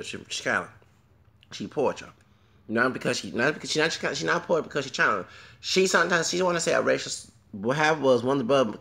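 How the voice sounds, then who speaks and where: A man talks straight to the camera in a long, crude monologue. His voice is gravelly with a bright, forward edge, and he wanders from point to point with plenty of profanity. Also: mid-range voice. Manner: crude, rambling, digressive, frequent profanity. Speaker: vlogger. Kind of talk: rambling monologue rant.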